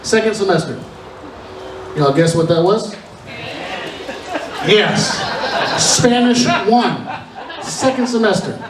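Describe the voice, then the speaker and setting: A man's voice: high voice, expressive, slow pace, pauses often, distant mic, crowd noise. A nervous young man telling self-deprecating stories in a stand-up set at a live comedy show. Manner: self-deprecating, chatty storytelling with many restarts. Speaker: opening comedian. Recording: echoey live room recorded from afar.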